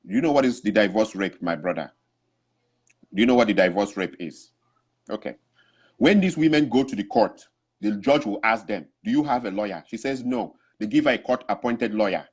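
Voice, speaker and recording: Here the speaker addressing African men has a lowish, husky voice with lively intonation and a moderate pace. His urgent, preachy appeal for change includes acted-out quotes from other people.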